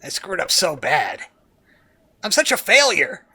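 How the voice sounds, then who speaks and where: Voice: wildly swooping pitch, a little slow, bright, forceful tone, a little hiss or hum, full character voice. A let's player doing a sulky bitter boy rival. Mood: sulking. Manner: sulky, low and glum. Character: proud boy rival, bitter and self-pitying.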